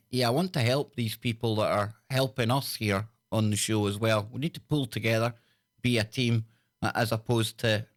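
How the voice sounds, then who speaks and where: A man's voice: lowish voice, fairly bright tone. A man hosting a live talk show, chatting enthusiastically and often repeating himself. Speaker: talk radio host.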